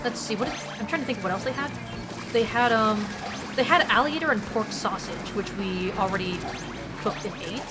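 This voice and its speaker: A woman's voice: a little high, animated, brisk. Young woman streamer, loose rambling delivery with casual swearing, music bed behind. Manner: rambling and profane, heavy use of "like". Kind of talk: casual chat while gaming. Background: game music.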